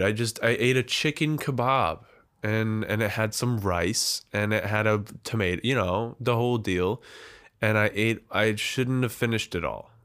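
A man's voice: lowish voice, fairly bright tone. A man hosting his solo podcast, slightly out of breath from a big meal, rambling and self-deprecating with frequent restarts. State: out of breath after overeating. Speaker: podcast host. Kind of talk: casual solo podcast monologue.

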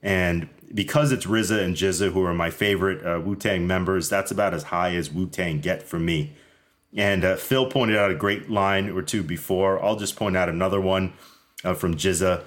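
A man's voice: deep voice, fairly even intonation, normal speed, fairly bright tone. A man hosting a music podcast, upbeat and chatty, who laughs easily and steers the discussion. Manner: upbeat, laughs often, leads the segments. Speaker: podcast host. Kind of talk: casual music review chat.

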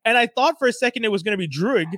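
A high-pitched man with a very lively, swooping voice chats animatedly and laughs often. His tone is bright and forward, recorded dry and close. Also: rapid-fire, no room sound. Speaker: podcast co-host. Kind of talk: casual chat.

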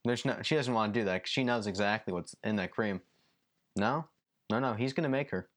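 Guy hosting a podcast, talks fast, kinda low voice, gets worked up. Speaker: podcast host. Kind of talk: casual film discussion.

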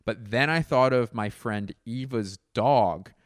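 A man's voice: mid-range voice, takes it slowly, no echo, studio quality. A man in his forties, a comedian hosting a podcast, telling a rambling, profane, self-deprecating story. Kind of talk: casual storytelling monologue.

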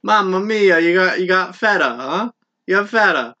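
A man putting on a boisterous caricature Italian man with an exaggerated Italian accent, half shouting. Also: sits high, lively intonation, moderate pace, highs cut off, voice pushed up. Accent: put-on Italian.

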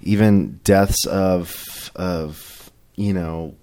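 A man co-hosting a podcast, talking about faith in a reflective, halting way with many fillers. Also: deep voice, steady tone, warm tone, clean tone. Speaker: podcast co-host. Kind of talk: casual faith discussion.

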